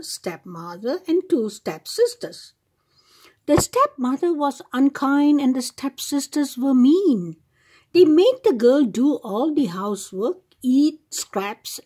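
A woman hosting a children's channel, reading a fairy tale aloud in a slow, expressive way. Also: a little high, breathy edge. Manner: slow, expressive, sing-song read-aloud.

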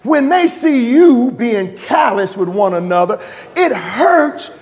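High-voiced shouting preacher in a hall. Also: male voice, sing-song. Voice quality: shouting, drawn-out emphatic phrasing. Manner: calls out to the congregation for praise. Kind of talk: fiery church sermon. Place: church sanctuary. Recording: reverberant hall, faint congregation.

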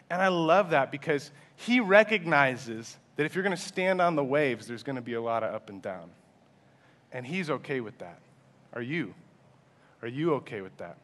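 A male pastor giving a sermon in a conversational style, sometimes dropping to a soft, quiet voice. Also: medium pitch. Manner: conversational preaching, acts out quoted voices, sometimes drops to a hush.

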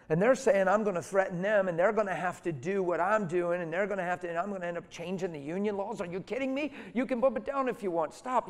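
Man, middle-aged, preacher, sermon storytelling, hushed to emphatic, slightly high voice, long hall reverb. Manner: storytelling, swings from soft and hushed to loud and emphatic. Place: church hall.

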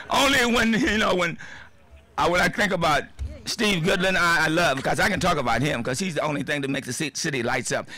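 Older male honoree, folksy and joking, bright voice, raised pitch, outdoor ceremony speech. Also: fairly quick. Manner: folksy, joking, heartfelt, rambling with laughs. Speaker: honoree giving a dedication speech. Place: outdoor sports field.

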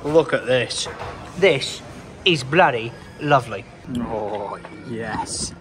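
Cheerful and jokey, a young Englishman vlogs a road trip with his dad from a camper van and service stations, swearing casually along the way. His mid-range voice is expressive and slow, with background music and outdoor traffic noise.

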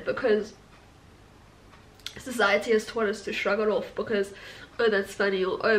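A young woman at home talking in a personal vlog, tearful and halting after a long day of crying, laughing through her tears. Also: fairly high pitch, rough recording. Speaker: vlogger, tattoo studio owner.

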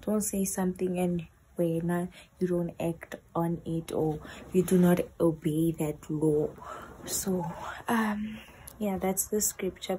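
A tired woman from South Africa talks slowly in a mellow, dark voice, often slipping into a whisper. She sounds gentle and earnest. A faint hum of her room sits behind her. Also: on the low side, low-quality recording. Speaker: vlogger. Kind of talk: soft-spoken vlog outro.

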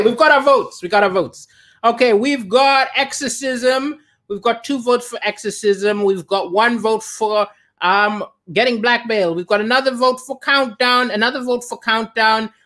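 A man's voice: sits high, moderate pace, fairly bright tone. A man hosting an online comedy show, delivering a stand-up monologue with restarts and self-deprecating punchlines.

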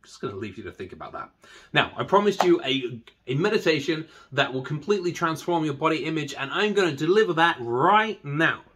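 A man teaching meditation, talking in a chatty, self-deprecating way before slipping into a slow, soft meditation voice. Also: fairly high pitch, sing-song, background noise. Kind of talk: guided meditation talk.

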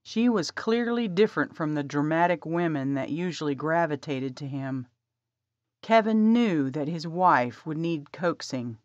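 A woman narrating an audiobook in a calm, measured reading. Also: sits low, no echo. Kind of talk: scripted narration. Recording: dry, slightly dull audio.

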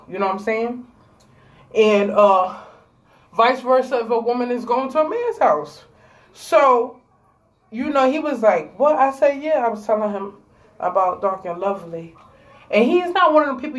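A woman's voice: mid-range voice, rough recording. A woman in her thirties vlogging, candidly telling a storytime to camera and swearing freely. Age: 30s. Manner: chatty and candid, swears freely, drawling asides. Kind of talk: casual storytime chat to camera.

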